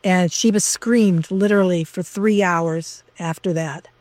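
A woman's voice: on the low side, steady tone, a little slow, a little mellow, dry recording. An older woman speaks in a documentary interview about her years as a researcher. She talks in a reflective, emotional way and comes close to tears. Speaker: former chimpanzee researcher.

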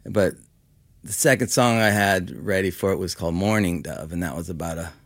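A man's voice: deep voice, fairly quick, no room sound. A man in his fifties from Los Angeles, a musician talking casually in an interview, rambling with lots of "like" and "you know.". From Los Angeles, California. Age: 50s. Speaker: musician guest.

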